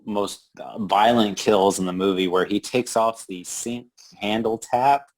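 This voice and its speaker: A man co-hosting a film podcast in casual chat, explaining things in a relaxed way with dry humor. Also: lowish voice, a little slow. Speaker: podcast co-host.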